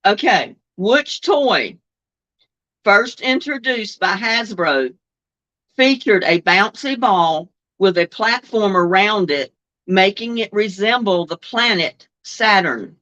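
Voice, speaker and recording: Slow-talking older woman hosting trivia. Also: medium pitch, lively intonation, fairly bright tone. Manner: chatty, reads questions aloud and answers viewers' comments. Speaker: host. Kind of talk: live-stream trivia chat. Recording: dull lo-fi stream audio.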